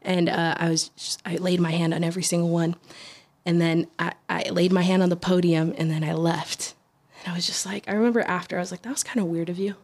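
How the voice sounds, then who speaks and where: Socal woman telling a story on a podcast, lowish voice, acts out what people said. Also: fast talker. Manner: animated, with frequent restarts and acted-out quotes. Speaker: interview guest. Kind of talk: casual storytelling.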